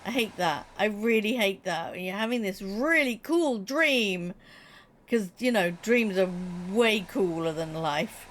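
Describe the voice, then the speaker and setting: A woman's voice: mid-range voice, unhurried, a little hiss or hum. Chatty woman live-streaming. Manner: chatty and animated, laughing, talking straight to chat. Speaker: Twitch streamer. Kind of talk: casual live-stream chat with viewers.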